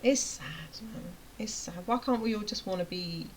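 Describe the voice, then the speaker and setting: A woman's voice: medium pitch, moderate pace, a little hiss or hum, poor audio. A woman running a motivational rant to camera, chatty and emphatic, sometimes dropping to a near-whisper. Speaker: vlogger and web design coach.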